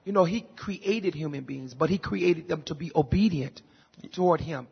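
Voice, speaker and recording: A man in a Bible class voicing a question haltingly, with many restarts, in a raspy voice. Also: on the high side. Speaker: class participant. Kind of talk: class discussion comment. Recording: muffled, echoey room.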